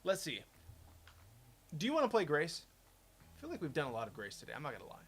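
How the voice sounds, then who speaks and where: A man's voice: fairly high pitch, wildly swooping pitch, quick pace, breathy edge. A man, a game developer, chatting casually and rambling as he plays his own game, often interrupting himself. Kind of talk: casual gameplay commentary.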